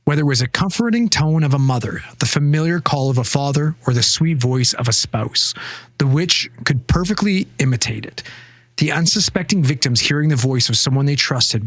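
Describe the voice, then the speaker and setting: A man with a slightly husky voice narrates a ghost legend for a casual podcast. He reads with a dramatic tone between jokes and loose swearing, and the recording is dry and close. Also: medium pitch, no echo. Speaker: podcast host reading the story. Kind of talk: casual chat and read-aloud narration.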